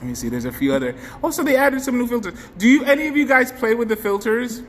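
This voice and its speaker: A man's voice: extremely high pitch, big pitch swings, fast talker, a bit bright. A man hosting a casual live stream, chatting effusively and thanking viewers by name. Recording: faint background noise, long hall reverb.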